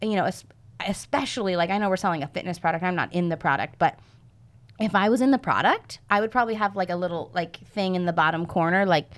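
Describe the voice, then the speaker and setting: A woman's voice: lowish voice, fast talker. A woman in her thirties talks casually as a podcast guest. She tells a story with plenty of life and slips into the voices of the people she quotes. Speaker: podcast guest, fitness coach.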